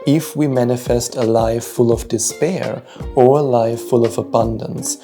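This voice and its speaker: A man's voice: medium pitch, fairly even intonation, measured pace, mellow, soft background music. A man with a German accent giving an earnest, motivational self-help talk with a self-mocking streak. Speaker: manifestation coach.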